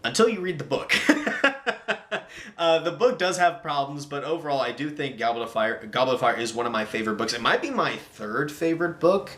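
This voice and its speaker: A young man giving a casual spoken movie review, animated and exasperated, saying "like" a lot. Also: mid-range voice, fairly quick, roomy sound.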